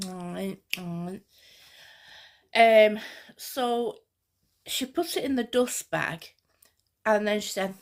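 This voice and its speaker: A woman vlogger talking casually, telling a rambling, excitable story. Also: medium pitch, takes it slowly, pauses often. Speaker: fashion vlogger. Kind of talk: casual chat.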